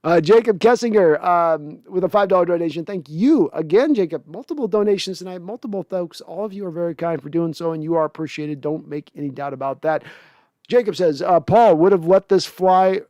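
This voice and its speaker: A man's voice: fairly high pitch, brisk, darkish tone, no echo. A man hosting a casual post-game reaction livestream, rambling and sardonic as he vents and thanks donors. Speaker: podcast host.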